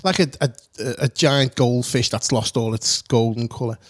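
A man's voice: medium pitch, moderate pace, husky, no echo. A man telling a long story in casual chat, rambling, swearing freely and laughing as he goes.

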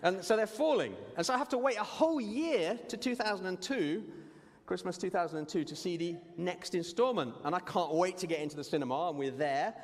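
A man preaching a sermon, telling stories in an animated way with lively asides. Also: high voice, a little fast. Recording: long hall reverb.

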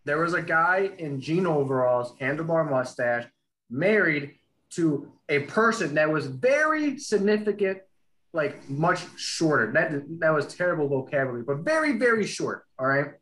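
A man's voice: a little high, very animated, moderate pace, a bit bright, poor audio. A man from Kansas, a podcast co-host and sports reporter, telling a rambling story in casual chat with many fillers.

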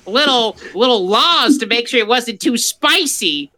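A man's voice: very high-pitched, expressive, measured pace, bright, forceful tone, heavily acted. A man putting on a teasing Southern good ol' boy voice with a put-on Southern accent. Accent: put-on American Southern.

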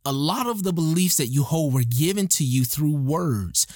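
A man's voice: fairly high pitch, lively intonation, normal speed, a little mellow, dry recording, clean studio sound. A man hosting a motivational podcast, talking earnestly and emphatically and repeating his key lines for effect. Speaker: podcast host.

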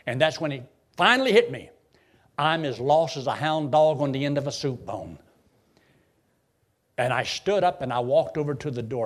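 A man, a preacher telling his conversion story in a folksy way, swinging from loud bursts to hushed lows. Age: 70s. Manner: folksy storytelling with sudden emotional swells and hushed drops. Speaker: preacher giving his testimony. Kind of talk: sermon testimony.

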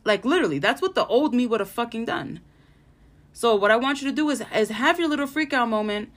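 A woman's voice: on the high side, brisk. Blunt, profane woman podcaster. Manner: blunt, profane, animated storytelling. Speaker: podcast host. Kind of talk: casual solo podcast chat.

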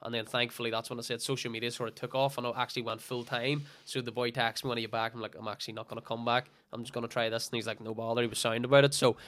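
A man's voice: mid-range voice, flat delivery, very fast, few pauses, fairly bright tone. A young man with a Northern Irish accent, a guest chatting bluntly and with plenty of swearing. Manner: blunt, sweary, laughs easily. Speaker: podcast guest, football coach. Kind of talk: casual podcast chat.

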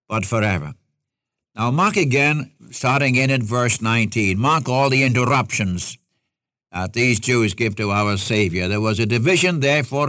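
An older man preaching an expository sermon, reading scripture aloud and rising in pitch to stress his points. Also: fairly bright tone, no echo, studio quality.

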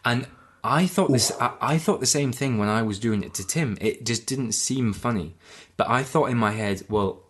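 A man's voice: medium pitch, moderate pace, hardly any pauses, a bit bright. A young man in casual podcast chat, telling rambling stories. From Scotland. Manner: rambling anecdotal storytelling.

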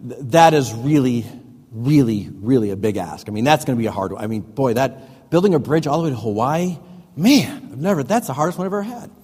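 A man's voice: medium pitch, lively intonation, darkish tone, husky. A man voicing a weary male genie who grumbles reluctantly about a big request, in a room with long reverb. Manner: reluctant, complaining, drawn-out.

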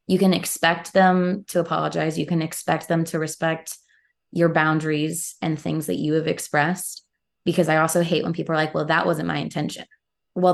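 A woman's voice: low-pitched, vocal fry. A young woman, an actor and guest, talking earnestly in a casual podcast interview. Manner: earnest, quick bursts with laughs.

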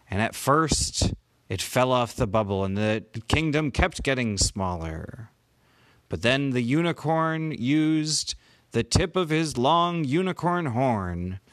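A man makes up a children's bedtime story as he goes, in a mid-range voice. He talks slowly, pausing and correcting himself here and there. The sound is dry, with no room echo. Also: mid-range voice. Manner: unhurried, with pauses and small self-corrections.

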